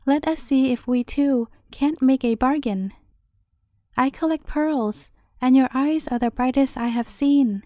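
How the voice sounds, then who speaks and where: A sly talking lake that hoards pearls coaxes a traveler into a deal in a high, warm voice, as a woman reads it aloud. The reading is close and dry. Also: unhurried, dry recording. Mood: coaxing.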